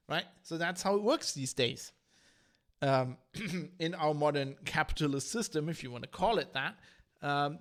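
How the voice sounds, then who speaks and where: A man's voice: on the high side, fairly bright tone. A man hosting a solo podcast as a tech journalist, talking through his opinions in a casual, hesitant way with frequent fillers and restarts. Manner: hesitant, many restarts and fillers, thinking aloud; conversational, opinionated. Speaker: podcast host.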